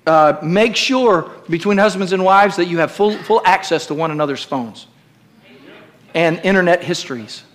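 In a church, a middle-aged man delivers a sermon as pastor, speaking emphatically and directly while calling on the congregation to say phrases back to him. His voice sits high with a slightly bright tone, and he keeps a moderate pace.

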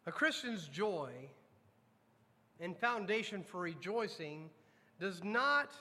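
A pastor preaching a sermon to his congregation, emphatic, questioning the room and dropping low and slow on weighty lines. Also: expressive, sharp tone, in a large hall. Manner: addresses congregation directly with repeated questions. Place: church sanctuary.

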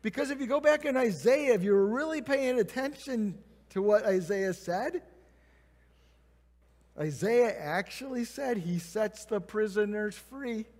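A man's voice: high voice, animated, a little slow, a little mellow. A man preaching a conversational sermon, acting out quoted prayers and replies. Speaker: pastor. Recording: long reverb of a church hall.

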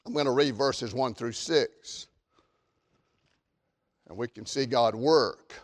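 A man with a Southern US accent preaching a fervent sermon, shifting between shouted warnings and folksy storytelling. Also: mid-range voice, takes it slowly, big-room sound. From American South.

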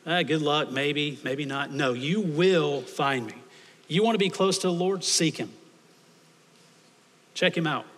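A man's voice: fairly high pitch, a bit bright. A man preaching a sermon, emphatic and repeating phrases for stress. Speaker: pastor. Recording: long hall reverb.

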